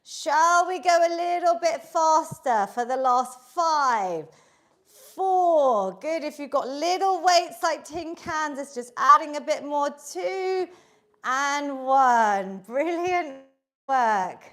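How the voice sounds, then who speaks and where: Lady leading a workout, high voice, slow unhurried pace, cheery and a bit puffed out. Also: expressive, fairly bright tone. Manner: upbeat, encouraging, counts down reps. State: slightly out of breath while exercising. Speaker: fitness instructor. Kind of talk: live online exercise class instruction. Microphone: video call setup.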